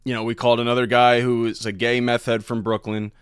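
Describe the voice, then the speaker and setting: A man's voice: mid-range voice, level tone, fast, clean tone, dry recording, clean studio sound. A man who does stand-up, telling a story as a podcast guest in a laid-back, profane way. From Ohio. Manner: laid-back, profane, laughs between lines. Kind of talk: casual storytelling.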